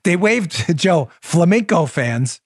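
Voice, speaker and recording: Male political podcast host; high-pitched, very expressive, sarcastic monologue delivery. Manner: incredulous, rapid-fire rhetorical questions; sarcastic, mocking asides.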